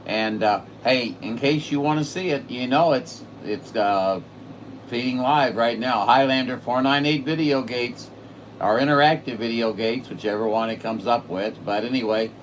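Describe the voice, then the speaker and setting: A man on his home radio setup, chatting excitedly on the air with a distant station. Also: mid-range voice, moderate pace, a little hiss or hum. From Saint Louis, Missouri. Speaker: radio operator streaming live. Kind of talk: casual radio chat.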